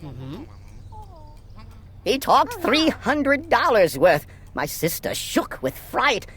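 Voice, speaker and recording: Animated older woman reading a rhyming story. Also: fairly high pitch, slow pace, husky. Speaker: retired teacher, storyteller. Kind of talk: children's story read-aloud.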